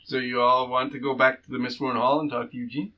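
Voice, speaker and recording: A man's voice: medium pitch, level tone, fast talker, highs cut off. A man running a tabletop game as game master, patiently clarifying details for the players.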